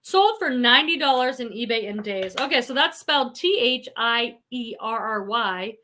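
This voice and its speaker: A woman's voice: a little high, expressive, moderate pace, pushed and bright. A woman with a Boston accent hosting a casual livestream, chatting and reading viewer comments aloud. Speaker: reseller livestream host.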